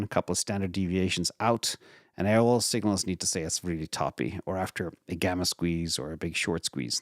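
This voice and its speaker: Man, low pitch, casual rambling live Q&A host, fillers and restarts, dry room. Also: no room sound. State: retired from regular work. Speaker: investing channel host. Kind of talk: live Q&A answering viewer questions.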